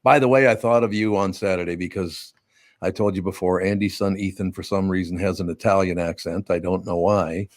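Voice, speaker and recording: A man's voice: low-pitched, fairly even intonation, brisk, no echo, clean studio sound. A man hosting a casual radio chat, folksy and emphatic, laughing easily.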